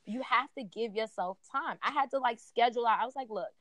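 A woman's voice: a little high, fast, fairly bright tone, no room sound. A woman in casual conversation as a guest, animatedly telling a personal story and acting out her own past thoughts. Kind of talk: casual chat.

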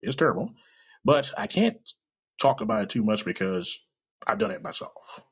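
Man, husky gravelly voice, lively swooping pitch, profane rambling podcast rant, dull lo-fi sound. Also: moderate pace. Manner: profane, rambling, self-mocking. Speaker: podcast host. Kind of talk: solo podcast monologue. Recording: dull lo-fi recording.

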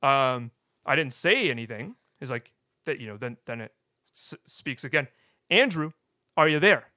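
A young man casually telling his personal faith story as a guest, halting and restarting, often tagging "right?". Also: mid-range voice, sharp tone, no echo, studio quality. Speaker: guest sharing testimony.

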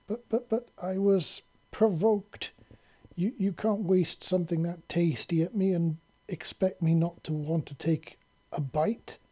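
A man's voice: high voice, big pitch swings, moderate pace, dark tone, voice pushed up. A man reading aloud, voicing a cheeky young human man who jokes around and stammers when caught off guard. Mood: flustered. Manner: joking, stammering.

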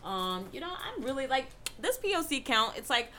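Animated young woman chatting casually. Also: high voice, normal speed. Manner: animated, swearing, big exclaiming reactions. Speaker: podcast co-host. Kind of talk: casual chat.

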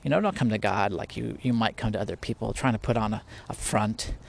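Speaking quickly in a creaky, slightly mellow voice on the low side, a man hosts a casual spiritual podcast from home, with spiders nearby. He's earnest and rambling, often restarting and laughing.

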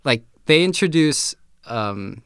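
A man's voice: on the high side, animated, takes it slowly, fairly bright tone, smooth, no echo, clean studio sound. A man co-hosting a podcast, casually chatting and thinking aloud with fillers and restarts. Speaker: podcast co-host. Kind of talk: casual chat.

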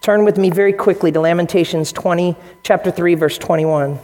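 A man's voice: high-pitched, fairly even intonation, a little fast, darkish tone. Man preaching in an echoing church hall. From United States. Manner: earnest preaching, acts out quotes in shifting voices. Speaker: pastor. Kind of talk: sermon.

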